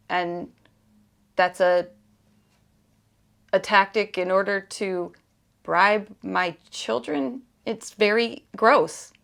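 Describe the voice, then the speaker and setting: A podcast host with a creaky, mid-range voice talks candidly and earnestly on her personal show. Her conversational delivery is full of fillers and restarts, and at times it turns emphatic and exasperated.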